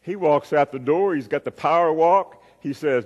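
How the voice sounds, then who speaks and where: Preacher telling a story in a reverberant hall. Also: male voice, expressive, moderate pace, lo-fi sound. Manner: storytelling with acted-out voices, wide swings in pitch and loudness. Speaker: pastor. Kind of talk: sermon.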